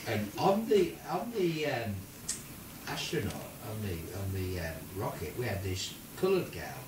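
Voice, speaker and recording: An older man, a grandfather, telling a silly made-up story in an animated way, with squeaky put-on voices for the people in it. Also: unhurried, noisy background. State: ill. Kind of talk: playful bedtime-style storytelling. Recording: roomy home video from a distance.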